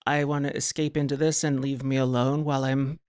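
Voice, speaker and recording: A guest on a casual podcast interview, speaking haltingly with many restarts and wry, deadpan humor. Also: mid-range voice, clean tone. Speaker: podcast guest, writer and psychotherapist.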